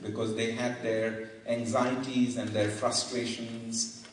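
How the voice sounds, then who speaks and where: Male guest lecturer, measured storyteller, mid-range voice, roomy hall sound, distant mic. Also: mid-range voice, a little mellow. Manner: slow, deliberate storytelling with pauses. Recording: echoey hall, mic far off.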